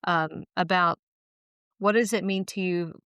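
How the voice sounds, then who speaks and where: A woman's voice: lowish voice, fairly even intonation, a little slow, fairly bright tone, smooth, dry recording, studio quality. A woman hosting a podcast interview, eager and enthusiastic as she responds and asks questions. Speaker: podcast host. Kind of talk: interview conversation.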